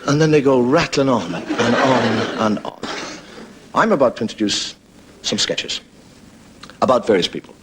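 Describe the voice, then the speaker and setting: A man's voice: medium pitch, lively intonation, moderate pace, long pauses, very noisy. A man with an Irish accent hosting a comedy show, telling stories and jokes in a wry, conversational way. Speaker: comedian host. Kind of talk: stand-up storytelling monologue.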